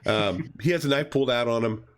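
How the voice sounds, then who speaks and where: A man's voice: mid-range voice, fairly quick, smooth. A man co-hosting a podcast, rambling casually with many fillers and restarts as he recaps a comic. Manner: acts out characters' lines in a raised voice. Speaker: podcast co-host reviewing comics. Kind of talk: casual chat.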